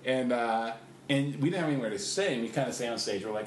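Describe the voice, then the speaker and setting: A man's voice: medium pitch, fast talker. A middle-aged man hosting a podcast, telling rambling, laid-back stories full of fillers and laughs. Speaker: podcast host. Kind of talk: casual storytelling chat. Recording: roomy echo, faint noise.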